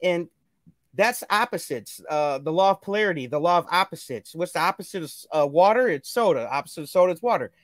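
Earnest high-voiced man preaching self-love. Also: animated, a little fast, fairly bright tone, dry recording, studio quality. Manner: earnest, preachy, repeats phrases. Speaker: guest. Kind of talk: motivational casual chat. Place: live stream call.

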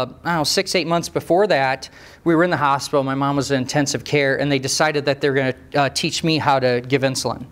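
A man who trains mechanics, telling a story in a live talk, conversational and animated, with rhetorical questions and asides. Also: fairly high pitch. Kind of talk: storytelling presentation to a live audience.

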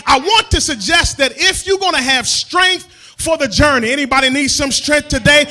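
A man preacher delivering a sermon in a church, with a rhythmic, sing-song, half-shouted cadence. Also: extremely high pitch, moderate pace.

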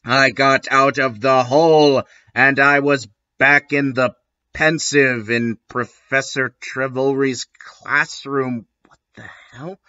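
A man's voice: mid-range voice, level tone, takes it slowly, sharp tone, no room sound, muffled recording. A man doing a comic dramatic reading with dry, sarcastic asides. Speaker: reader.

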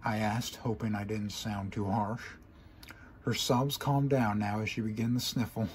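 A man's voice: lowish voice, steady tone, measured pace, slight background noise. A man reading a first-person fan story aloud in an earnest, dramatic way. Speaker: story reader.

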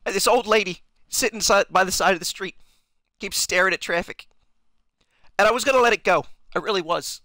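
A man's voice: high voice, a little fast, sharp tone, no echo, studio quality. A young man streaming a game in character, talking in a manic, rambling, self-mocking way. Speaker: gaming streamer. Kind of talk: in-character let's play commentary.

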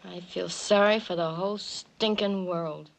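A world-weary club owner. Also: female voice, fairly low pitch, steady tone, a little slow, creaky. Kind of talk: 1960s film acting.

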